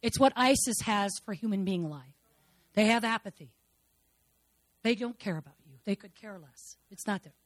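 A woman in her fifties giving a personal testimony in church, telling stories dramatically and swinging between soft and loud. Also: medium pitch, normal speed, no room sound.

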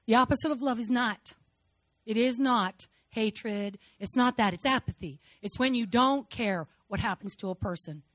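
Woman, 50s, high voice, dry sound; dramatic church testimony, soft to loud. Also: normal speed, no room sound. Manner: dramatic storytelling, swinging between soft and loud. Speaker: speaker giving testimony.

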